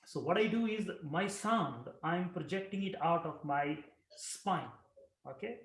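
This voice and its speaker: A man teaching breathing and throat-center chanting, giving calm explanations between long, projected chanted syllables. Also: high voice, unhurried, roomy sound. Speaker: yoga and meditation teacher. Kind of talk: guided breathing and chanting instruction.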